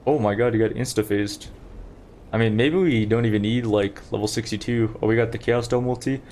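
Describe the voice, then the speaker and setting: Low-voiced young man streaming a game. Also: fairly even intonation, a little fast, darkish tone, slight background noise. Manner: chatty, rambling, talks to chat while playing. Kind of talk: casual gameplay commentary.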